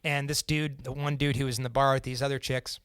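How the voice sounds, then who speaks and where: A man's voice: mid-range voice, level tone, fairly quick, a bit bright, clear, resonant tone, dry recording, studio quality. A young man from Central Indiana with a Midwestern accent, a podcast guest telling a story in casual talk. He swears freely and acts out what others said. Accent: Midwestern American.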